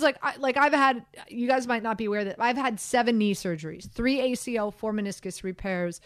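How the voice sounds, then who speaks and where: Chatty animated woman sports radio host. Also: on the high side, fairly quick, no echo, studio quality. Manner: animated, chatty, self-deprecating, many fillers. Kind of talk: casual sports talk chat.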